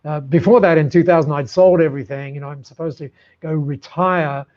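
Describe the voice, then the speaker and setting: An older man from Australia, a podcast guest telling his story in an animated way, often repeating words as he builds up to a point. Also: a little high, brisk, lo-fi sound. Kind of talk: storytelling in an interview. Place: room lined with books.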